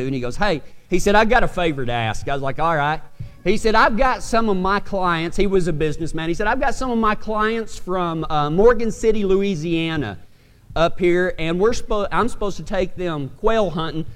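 A man with a Texan accent, a pastor from West Texas telling a folksy, animated story to his congregation. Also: sits high, normal speed, smooth, long reverb tail, faint music behind. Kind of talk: storytelling sermon.

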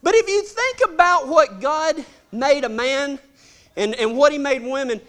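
High, bright-voiced preacher man. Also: measured pace. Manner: folksy, joking, animated storyteller. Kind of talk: storytelling sermon to a live congregation.

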